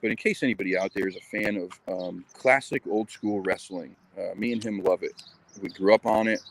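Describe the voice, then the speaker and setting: A man's voice: low voice, fairly quick, a little hiss or hum. A man casually chatting on a live stream while walking his dog outdoors, rambling with lots of ums and uhs. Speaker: channel host.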